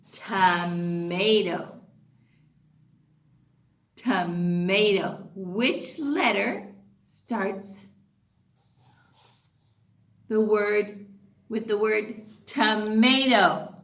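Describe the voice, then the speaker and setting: Female phonics teacher for little kids, high voice, slow drawn-out words, echoey room. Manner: slow, drawn-out word modeling with lively cheering. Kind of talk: online phonics lesson for young children.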